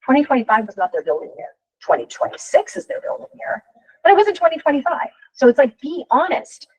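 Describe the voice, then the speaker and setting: Heard through a rough recording, a high-voiced woman in her fifties coaches a workshop at a fairly quick clip. She speaks frankly and with animation, chatty in tone, often tossing out a rhetorical "right?".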